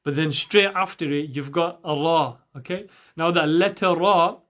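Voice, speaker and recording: A man's voice: a little high, normal speed, fairly bright tone, highs cut off. A man teaching Quran recitation rules in a patient way, demonstrating and repeating sounds for the listener. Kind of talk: recorded recitation lesson.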